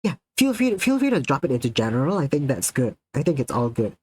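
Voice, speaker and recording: This mid-range voice has a breathy edge and moves fast. The man is streaming live, chatting with viewers in a casual, excitable way, laughing frequently and swearing freely as he responds. The recording is rough.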